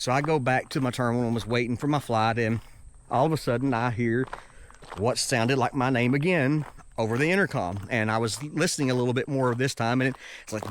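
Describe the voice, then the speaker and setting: A man's voice: mid-range voice, quick pace, a little hiss or hum. A man telling a travel story in a casual, rambling way, with many restarts. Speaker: travel vlogger.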